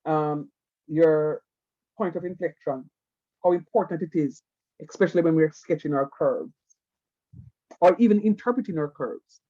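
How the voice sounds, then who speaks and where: High-voiced man teaching math. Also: measured pace, long pauses, warm tone, highs cut off. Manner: repetitive, coaxing, keeps saying "watch me". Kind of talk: online class lecture.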